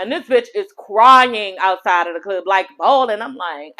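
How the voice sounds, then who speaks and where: A woman's voice: medium pitch, lively intonation, normal speed, few pauses, pushed and bright. A woman recapping a reality TV episode in a casual vlog, sassy and profane, gossiping animatedly to her viewers.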